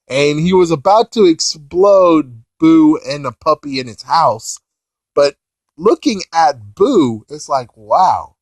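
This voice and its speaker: An excitable young man recaps an anime episode in loose, casual chat, laughing and swearing as he goes. His voice sits a bit high for a man and swings widely in pitch. The recording is dry and close, with no room sound. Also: no room sound. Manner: excitable, laughs often, swears, puts on characters' lines.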